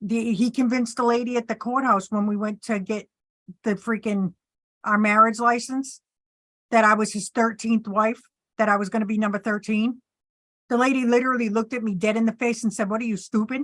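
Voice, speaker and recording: A woman's voice: a little high, normal speed, no room sound, studio quality. A woman chatting casually, telling funny stories and acting out what people said, laughing along. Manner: animated storyteller, acts out quotes, laughs often. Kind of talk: casual storytelling chat.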